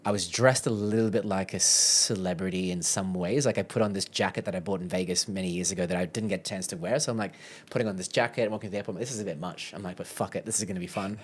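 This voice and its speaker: A man with an Australian accent and a lowish voice talks as a podcast guest. He tells a story in a loose, candid way, quoting his own thoughts back with "I'm like" and slipping in a laugh now and then. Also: fast talker, hardly any pauses, breathy edge.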